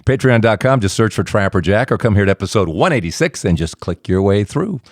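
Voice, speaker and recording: A man's voice: on the low side, expressive, fairly quick, dry recording, clean studio sound. A man hosting a faith podcast, retelling a guest's story with folksy asides. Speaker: podcast host.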